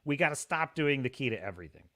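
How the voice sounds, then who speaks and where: A man hosting a live stream, reading viewer comments and ranting in an animated, laughing way. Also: medium pitch, fast talker. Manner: animated, ranting, laughs often, mocks pronunciations. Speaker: host.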